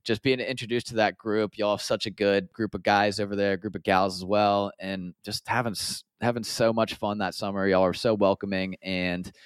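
Young American man, low-pitched, smooth tone, dry close mic; upbeat casual storyteller. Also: fairly even intonation, moderate pace, few pauses, dry recording. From United States. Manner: upbeat, storytelling, drops quoted asides. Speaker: podcast guest. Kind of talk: casual chat.

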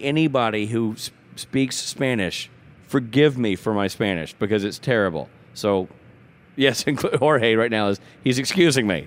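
A man co-hosting a casual podcast chat, a father telling jokey, animated stories about his kids. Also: medium pitch. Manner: joking storyteller, animated asides. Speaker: guest co-host.

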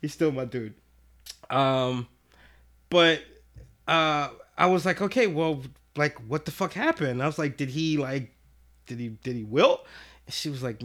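A man spins a loose, profane story on a casual podcast, slipping in and out of the voices of the people involved. His voice sits a bit high for a man and sounds bright and forceful. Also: unhurried. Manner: animated, profane storyteller who acts out quotes. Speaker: podcast guest.

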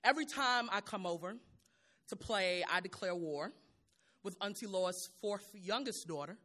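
A woman's voice: medium pitch, normal speed, bright, forceful tone. A woman poet performing spoken word, rhythmic and bold, with repeated refrains and a raw, humorous edge.

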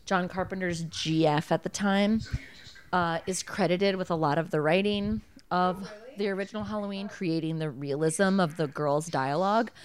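A woman's voice: on the low side, moderate pace. A woman co-hosting a podcast in casual chat; she talks bluntly, swears freely and acts out quoted lines. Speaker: podcast co-host. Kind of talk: casual chat while watching a film.

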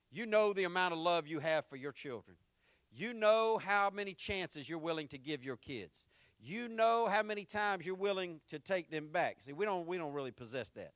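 A middle-aged man preaching a sermon as pastor, telling stories with animation and swinging from loud punchy lines to hushed tender ones. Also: on the high side, dry recording, studio quality.

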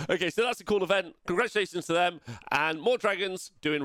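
A man's voice: sits high, fairly quick, few pauses, a bit bright, clean tone, dry recording, clean studio sound. A man hosting a show and casually running through tournament results, rambling with lots of fillers and self-corrections. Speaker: host.

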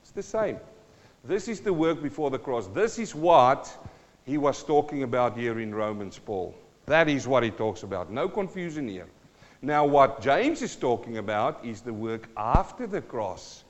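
A man's voice: sing-song, normal speed. Emphatic preacher man in a reverberant hall. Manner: emphatic, with big swings in loudness and pitch; wry, teasing asides. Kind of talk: sermon. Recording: long hall reverb, dull lo-fi sound.

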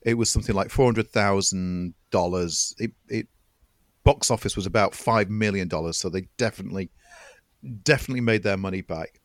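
Low-voiced and fairly quick, this man comes through clean studio sound with no room sound. He co-hosts a film podcast, talking movies casually and eagerly, restarting and repeating words as his point takes shape.

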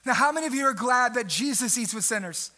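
A young male pastor delivers a fast, animated sermon, imitating the people in his story and suddenly jumping in pitch and volume for emphasis.

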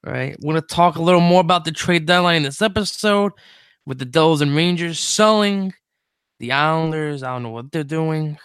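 A young man hosting a casual sports podcast, energetic and jokey, with quick stumbling restarts. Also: fairly high pitch, smooth, no room sound, studio quality. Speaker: podcast host.

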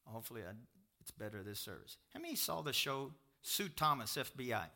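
A middle-aged pastor with a Kentucky accent, preaching a sermon in an emphatic storytelling manner that swings from exclamations to low confiding asides. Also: male voice, very animated, a little fast, vocal fry, pushed and bright.

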